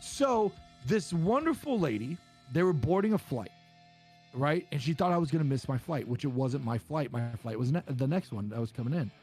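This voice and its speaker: A man's voice: big pitch swings, moderate pace, a little mellow, faint music behind. A man chatting casually as a podcast co-host, swearing often and telling stories with voices for the people he quotes. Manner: profane storytelling, acts out quotes in a higher voice. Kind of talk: casual chat.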